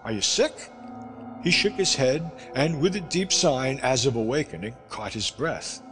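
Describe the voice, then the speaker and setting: Male audiobook narrator, expressive, lively pitch, long reverb, music bed. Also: moderate pace. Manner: expressive storytelling. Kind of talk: scripted narration.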